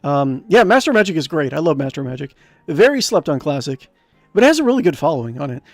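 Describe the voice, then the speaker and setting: A man's voice: on the high side, sing-song, fast, no room sound, faint music behind. A man streaming a text adventure game, reading the game text aloud and chatting in a rambling way. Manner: rambling, chatty, many fillers and restarts.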